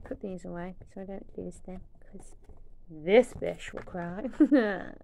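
A woman's voice: medium pitch, slow, gravelly, a little mellow, a little hiss or hum. A young woman chatting casually through an unboxing, swearing now and then and dropping into whispers. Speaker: vlogger.

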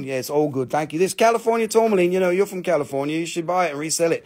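A man's voice: a little high, very fast, hardly any pauses, darkish tone. A man hosting a live stream that sells crystals and minerals, with rambling, joking, playfully crude sales patter. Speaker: host selling crystals and minerals.

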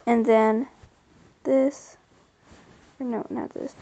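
A woman with a high voice and a gravelly edge talks through a game at an unhurried pace. Her commentary is casual and rambling, drifting between musings to herself and asides to the people watching. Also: fairly even intonation, mellow, highs cut off. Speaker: gameplay video host.

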